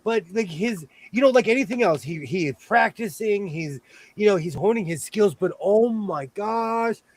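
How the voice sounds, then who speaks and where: A man's voice: high voice, animated, moderate pace, rough recording. A man hosting a casual chat, talking in an easygoing way with lots of restarts and self-corrections. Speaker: host.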